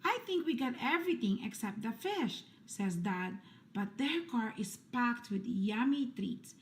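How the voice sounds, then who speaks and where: A woman reading children's picture books aloud in a slow, sing-song storytelling manner. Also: on the high side, expressive, slight background noise. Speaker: storybook reader.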